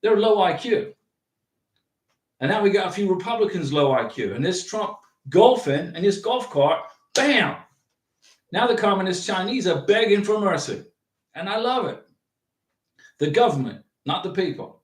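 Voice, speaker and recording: A man hosting a livestream, chatting casually and reading out viewer comments in an animated, rambling way with many restarts. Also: high voice, moderate pace, long pauses, far from the mic. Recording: roomy echo, from off the mic.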